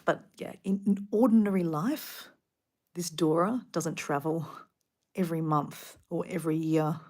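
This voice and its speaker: A woman from Australia with an Australian accent, rambling casually in a travel vlog from a hotel room, full of fillers and sometimes dropping to a soft whisper. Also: low voice, measured pace. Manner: chatty, rambling, filler-heavy, drops to a soft whisper at times. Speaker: travel vlogger.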